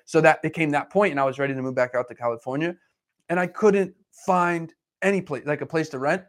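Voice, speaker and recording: Speaking fast and with animation, a man of medium pitch tells stories in a casual conversation. He rambles from one thought to the next.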